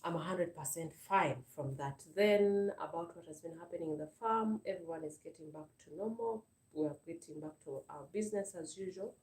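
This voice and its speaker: A Ugandan woman chats on her live stream in a low, mellow voice, earnest and grateful, often repeating words. The sound is roomy and she sits a little back from the mic. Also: brisk, hardly any pauses, recorded from a distance. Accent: Ugandan English. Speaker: channel host. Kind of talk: casual live-stream chat.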